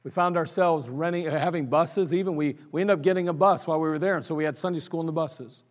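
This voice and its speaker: Animated Ohio pastor in a reverberant church. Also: male voice, fairly high pitch, fast. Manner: animated storyteller, laughs at his own stories. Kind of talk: anniversary sermon storytelling. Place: church sanctuary. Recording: church service recording with long hall reverb.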